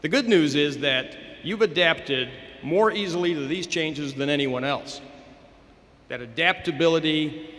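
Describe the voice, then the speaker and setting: A man in his fifties delivers a formal graduation speech in a bright, forceful voice that sits a little high. He speaks in a measured, encouraging way at the podium, and his words ring out with a long echo through a large ceremony hall. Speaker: school administrator giving a graduation address. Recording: echoey hall over a public address system.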